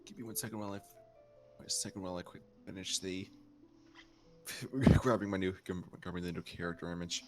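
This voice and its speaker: Man as game master, lowish voice, relaxed, faint music behind. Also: a little fast. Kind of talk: casual tabletop game chat.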